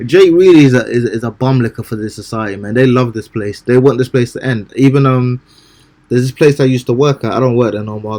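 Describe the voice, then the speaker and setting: A man preaching in casual, everyday speech, breaking into slow, measured scripture reading. He stumbles and repeats words as he goes, with a voice at an ordinary middle pitch for a man. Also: a little mellow. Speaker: street preacher.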